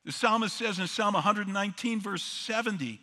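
A man's voice: high-pitched, moderate pace, pushed and bright, big-room sound. A man preaching a sermon as pastor, emphatic, with rhetorical questions and repeated words for stress.

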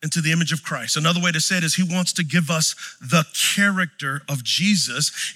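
A high-voiced man in his forties preaches a sermon in a bright, forceful tone, telling stories animatedly and swinging from loud exclamations to hushed lines. His voice rings through a hall with a long echo.

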